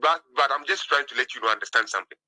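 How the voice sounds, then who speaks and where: A man's voice: mid-range voice, very fast, pushed and bright, low-quality recording. A man in a heated religious debate who defends himself and answers questions with counter-questions.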